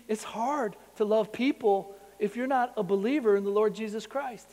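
Male pastor, sermon, conversational, rhetorical questions, high-pitched voice, long hall reverb. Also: moderate pace. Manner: storytelling that builds in excitement.

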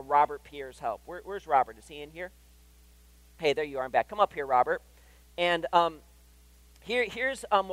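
A man's voice: on the high side, a bit bright, no echo, low-quality recording. A man preaching a sermon in a church, conversational and often asking "right?". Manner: conversational, keeps checking in with "right?". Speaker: pastor. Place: church hall.

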